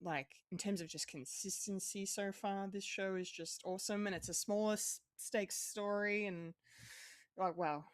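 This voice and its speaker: In clean, dry studio audio, a female podcast co-host talks casually in a mid-range voice with fairly even intonation and a moderate pace. Her chat meanders, packed with fillers, restarts, and cursing.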